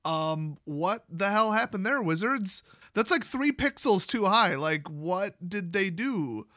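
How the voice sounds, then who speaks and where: Male reviewer, higher voice, snarky casual commentary. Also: expressive, takes it slowly, bright, forceful tone, no room sound, clean studio sound. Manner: sarcastic, joking asides. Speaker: card game spoiler reviewer.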